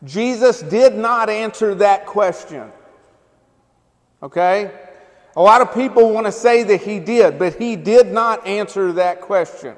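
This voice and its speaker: In a church sanctuary full of long hall reverb, a male pastor preaches loosely and conversationally, repeatedly asking the congregation "right?" and "amen?". His voice sits high and he's unhurried.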